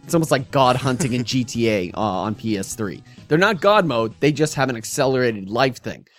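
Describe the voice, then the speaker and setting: A man, a young adult, chatting casually as co-host of a gaming podcast, animated and laughing as he acts out quotes. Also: mid-range voice, brisk, faint music behind. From United States. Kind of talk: casual chat.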